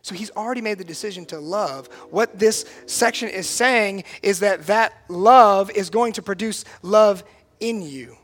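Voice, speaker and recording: Speaking a little slowly in a high register, a pastor preaches with earnest emphasis. His lines swing between hushed quiet and loud, forceful intensity.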